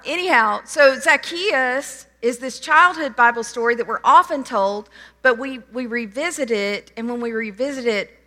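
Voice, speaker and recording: A woman preaching a sermon, retelling a parable with animated storytelling and voiced quotes. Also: a little high. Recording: long hall reverb.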